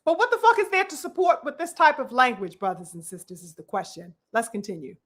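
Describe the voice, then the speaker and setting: A woman's voice: on the high side, animated, a little fast, a bit bright. A woman hosting a boxing commentary vlog, ranting in a preachy, mocking way, full of blunt, profane rhetorical questions and calls to her brothers and sisters. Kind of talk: opinionated commentary rant.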